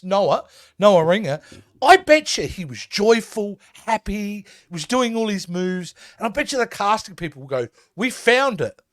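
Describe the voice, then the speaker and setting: A man with a notably high, lively voice chats as a podcast co-host. He was recorded close on a dry mic with no room sound, and his delivery is reflective and questioning. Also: dry recording. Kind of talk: casual podcast chat.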